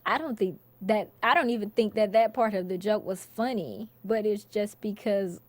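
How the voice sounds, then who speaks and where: Woman comic just chatting, easygoing, laughs a lot, mid pitch, dry room. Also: moderate pace, no echo. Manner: laid-back, laughs often, storytelling. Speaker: comedian guest. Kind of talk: casual interview chat.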